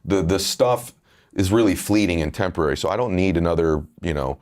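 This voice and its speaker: Very deep-voiced man, earnest storyteller. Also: fairly quick, darkish tone. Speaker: guest author. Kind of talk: casual interview conversation.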